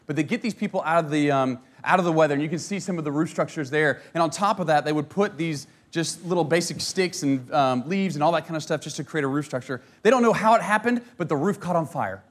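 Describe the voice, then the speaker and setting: Man, slightly high voice, casual history storytelling, animated, conversational asides. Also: fast, few pauses.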